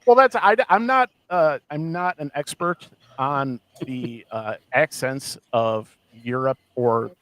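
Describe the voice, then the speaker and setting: A man co-hosting a podcast in casual chat, animated and laughing often as he mocks what he quotes. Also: medium pitch, slow, few pauses, no room sound, poor audio. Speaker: podcast co-host.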